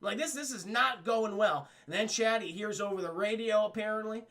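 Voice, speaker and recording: A young man recapping a cartoon episode on a livestream, rambling, swearing, and talking to his chat. His voice is high and bright with a gravelly fry. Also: brisk. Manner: rambling, profane, addresses chat. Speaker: cartoon reviewer streaming.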